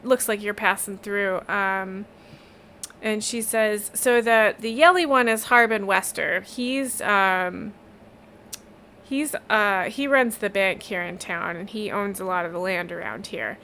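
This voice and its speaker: A woman's voice: medium pitch, measured pace, bright, forceful tone, a little hiss or hum. A woman voicing a young female village weaver who rambles, exasperated by town politics. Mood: gossipy. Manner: rambling, exasperated, eye-rolling.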